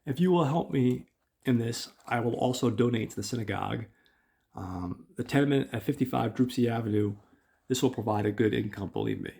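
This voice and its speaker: A man reading aloud and voicing an older wealthy man, earnest and formal, with a gravelly edge. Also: medium pitch, lively intonation, fairly quick, warm tone. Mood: persuading. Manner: earnest, formal old-fashioned phrasing. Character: older wealthy man, bitter then hopeful.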